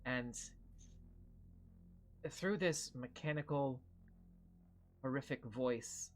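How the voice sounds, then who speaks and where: Slow, rambling man as game master. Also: on the high side, fairly bright tone, faint music behind. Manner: meandering, hedging description with many fillers. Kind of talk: narrating a tabletop game.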